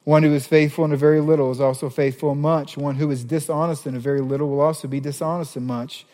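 A man preaching a sermon as a pastor, animated, reading scripture passages aloud. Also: fairly high pitch, quick pace, few pauses, in a large hall.

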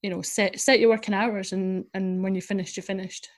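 A woman guest on a podcast interview, talking frankly and in a lively way, poking fun at herself. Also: medium pitch, brisk. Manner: frank and lively, self-deprecating. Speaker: guest, business owner. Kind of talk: casual interview chat.

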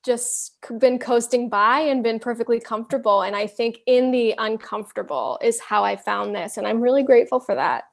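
A woman guest in a podcast interview, speaking in an earnest, candid way with halting restarts. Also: fairly high pitch, gravelly. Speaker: interview guest, wellness counselor. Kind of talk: casual interview chat.

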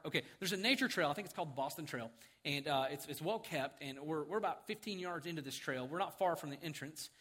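A middle-aged man preaching in a church sanctuary, telling a story with lively acted-out quotes and frequent chuckles. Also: a little high. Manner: animated, acts out quotes, chuckles often. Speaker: pastor. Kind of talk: sermon with storytelling.

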